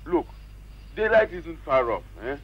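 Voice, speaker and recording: A man's voice: fairly high pitch, sing-song, a little slow. An actor playing a boastful trickster who blusters, threatens and coaxes, switching between languages, on dull old film sound. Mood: coaxing. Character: boastful trickster Ananse, sly adult man. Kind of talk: 1960s film acting.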